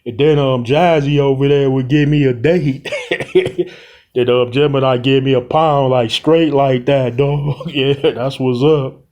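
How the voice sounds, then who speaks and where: A man's voice: medium pitch, fairly even intonation, a little mellow. Rambling, slangy young man telling a story. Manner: rambling and slangy, many pauses. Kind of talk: casual retelling of a short film plot.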